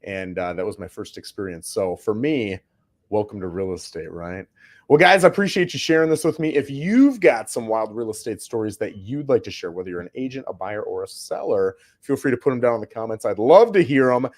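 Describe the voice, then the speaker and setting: A man's voice: fairly low pitch, expressive, a little fast. A man, a real estate agent hosting his own show, telling a story to camera in a casual, plainspoken way, often checking in with "right?". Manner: plainspoken, slangy.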